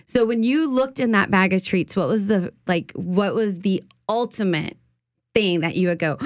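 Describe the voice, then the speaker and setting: A woman's voice: medium pitch, moderate pace, no echo. Chatty woman radio host. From Louisiana. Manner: chatty, animated, playful storyteller. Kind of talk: casual radio chat. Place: radio studio.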